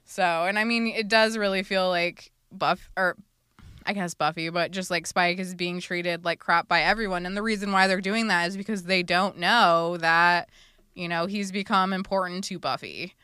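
A woman co-hosting a podcast, talking in a casual, animated way. Her voice is bright and crisp, and it sits in a dry, close recording with no room sound. She is quick to slip into the voices of the people she is describing. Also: lowish voice, no echo. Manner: animated, acts out characters in quick bursts. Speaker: podcast co-host. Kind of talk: casual chat.

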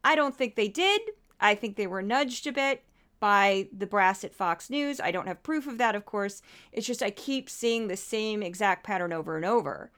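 Impassioned woman podcast host, smooth voice. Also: medium pitch, normal speed, a bit bright. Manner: impassioned, indignant, getting worked up. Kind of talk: opinionated podcast commentary.

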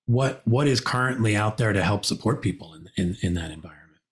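A male podcast host with a somewhat low voice. He speaks reflectively, pausing to weigh his words, and backs up his guest with brief soft affirmations. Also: expressive. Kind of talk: interview conversation.

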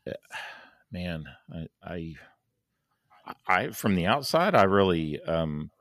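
Very deep-voiced man, halting and dry. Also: very animated, a bit bright, no room sound. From Saint Louis, USA. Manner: halting, many restarts and fillers. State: losing his voice. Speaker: guest, engineer and planner. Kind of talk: casual podcast conversation.

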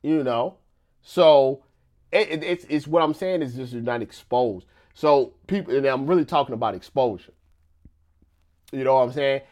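A man's voice: mid-range voice, normal speed, darkish tone. A man hosting a casual live stream, talking loosely with frequent restarts, filler asides and laughs between points.

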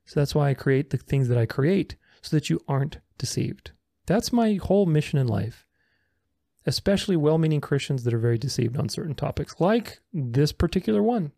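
A man's voice: on the high side, lively intonation, moderate pace, gravelly, warm tone, dry recording, studio quality. A man giving casual video commentary, reading viewer comments aloud and rebutting them in a sarcastic, argumentative way. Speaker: religious commentator responding to comments.

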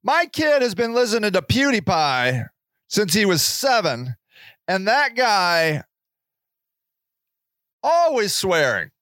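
A man's voice: high voice, very animated, slow, long pauses, sharp tone, no room sound, clean studio sound. A man in his forties hosting a solo podcast, rambling and joking in casual talk and swearing freely. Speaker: podcast host.

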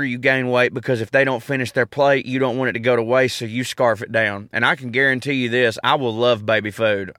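A man's voice: medium pitch, sharp tone, dry recording, clean studio sound. A man in his thirties with a Southern accent, joking and rambling through a casual outdoor monologue as a podcast host. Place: outdoors in a park.

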